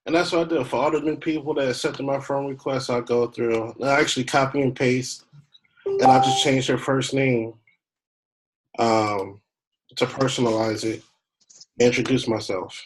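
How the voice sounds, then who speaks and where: Audio quality is poor, with slight hiss or hum, as a man gives a relaxed online training session for his travel agency work. He speaks at a normal speed with a steady, medium-pitched voice, narrating his thoughts while moving through web pages.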